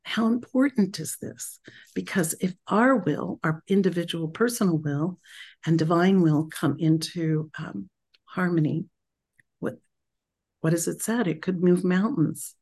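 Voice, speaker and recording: A woman leading her spiritual group in a reflective talk, speaking slowly and meditatively, pausing often and restarting her phrases. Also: fairly low pitch, darkish tone. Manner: slow and meditative, with pauses and restarts.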